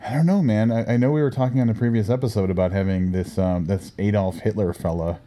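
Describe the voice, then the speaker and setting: A man's voice: fairly low pitch, steady tone, fast, warm tone. A man hosting a podcast, chatting casually with a rambling delivery full of fillers. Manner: rambling, lots of fillers and laughs. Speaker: podcast host.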